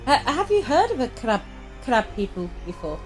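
A woman's voice: a little high, very animated, normal speed, faint music behind, low-quality recording. A woman playing a chatty Liverpool-accented mentor. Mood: concerned. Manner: rambling, hesitant, giggly. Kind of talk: in-character tabletop role-play.

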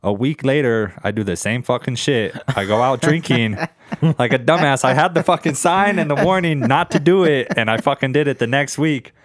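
A man's voice: mid-range voice, normal speed, no room sound, studio quality. A man in his twenties telling a rambling, profane story in casual chat. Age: 20s.

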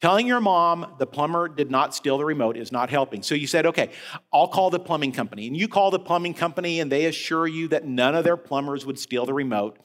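A man preaching a sermon as head of a senior-care ministry, telling a story with animated rises and falls. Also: a little high, brisk, few pauses. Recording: long hall reverb.

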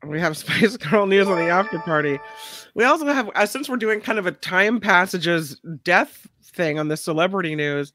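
A woman's voice: lowish voice, expressive, normal speed, fairly bright tone, no room sound, soft background music. Chatty woman co-hosting celebrity news. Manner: chatty, lots of fillers. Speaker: co-host. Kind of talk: casual celebrity news chat.

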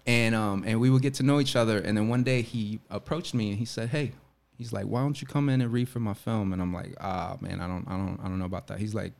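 A man's voice: on the low side, fast, vocal fry. A young man from Florida, an actor, telling stories in casual chat and acting out the quoted lines. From Orlando, Florida. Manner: animated storyteller acting out quotes. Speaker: actor and guest.

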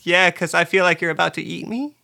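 A man's voice: high-pitched, brisk, creaky, bright, forceful tone. A man playing in a tabletop game, talking earnestly and asking pointed questions. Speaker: player. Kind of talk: casual tabletop play.

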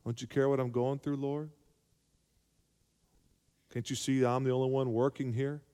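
A man's voice: medium pitch, level tone, normal speed, warm tone, smooth, natural voice. A preacher voicing a frazzled, overworked woman who complains shrilly and in exasperation. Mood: complaining. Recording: long hall reverb.

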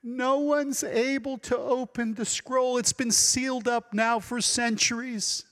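A man preaching a sermon as pastor, dramatic and expressive, now and then acting out the voices of people he quotes. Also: very high-pitched, a little slow, big-room sound. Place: church sanctuary.

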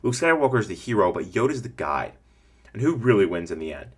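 A man with a fairly low voice hosts a casual coaching podcast for small-business owners. His delivery is energetic and rambling, and he often slips into the voices of imagined customers to make his points. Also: fast talker, husky. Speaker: podcast host.

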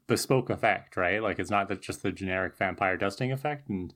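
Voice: sits low, a little fast, a bit bright. A co-host in a casual chat, giving wry, opinionated commentary on a TV episode. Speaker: podcast co-host.

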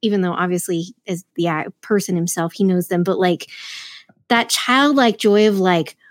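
A woman's voice: on the low side, normal speed, no room sound, clean studio sound. A woman talking as a podcast guest, bubbly and rambling with plenty of fillers. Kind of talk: casual podcast discussion.

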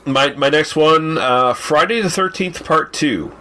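A man's voice: a little high, measured pace, crowd noise. A man in casual podcast chat, laid-back and wry with some swearing.

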